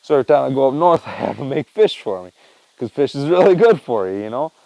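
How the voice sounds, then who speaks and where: A man's voice: medium pitch, big pitch swings, fast, mellow, no room sound, low-quality recording. A man chatting loosely to his camera at home, rambling, swearing and laughing as he tells a story. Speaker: vlogger. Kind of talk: casual rambling chat to camera.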